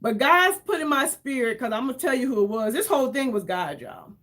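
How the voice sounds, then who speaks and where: A woman telling an emotional story to her viewers in a casual, animated way, calling them y'all and acting out what others said. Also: high voice, brisk. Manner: animated, addresses viewers as y'all, acts out quoted voices. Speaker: vlogger.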